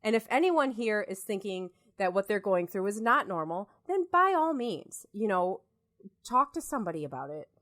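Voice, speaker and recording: A woman's voice: mid-range voice, very animated, moderate pace, a bit bright. A middle-aged woman co-hosting a podcast, talking in an emphatic, reassuring casual chat. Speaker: podcast co-host.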